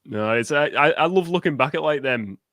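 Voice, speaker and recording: A man's voice: fairly high pitch, animated, fairly quick, a bit bright, no echo. A man talks casually about films as a guest on a live stream. He starts and restarts his sentences often. His voice sounds close and dry, with little room around it. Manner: hesitant, lots of fillers and restarts. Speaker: guest podcaster.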